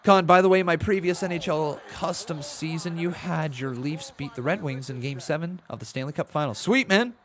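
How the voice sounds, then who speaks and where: A man with a slightly raised pitch hosts a live wrestling watch-along stream. He chats casually with his viewers and reads out their donations. When the match heats up, he switches to excited, shouted play-by-play. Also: moderate pace, few pauses. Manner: excitable play-by-play, yelling at big moves. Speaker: streamer host.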